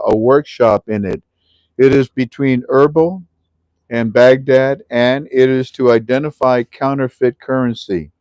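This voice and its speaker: Man, livestream host, jokey and chatty, middle pitch, dry close sound. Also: no room sound. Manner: chatty, jokey, addresses listeners as ladies and gentlemen. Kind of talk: casual livestream talk with prayer. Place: on the west side of Oahu with friends.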